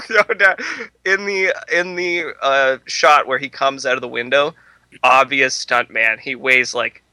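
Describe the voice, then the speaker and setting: Bright-voiced joking male podcaster. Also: medium pitch, fairly even intonation, unhurried, clean tone, dry recording, rough recording. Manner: joking, crude, laughs often. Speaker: podcast host. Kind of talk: casual movie review chat.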